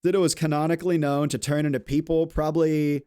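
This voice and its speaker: A man live-streaming a game, chatting loosely with his viewers and swearing, with sudden loud outbursts. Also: a little high, level tone, fast, clean tone. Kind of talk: casual live-stream chat while playing a game.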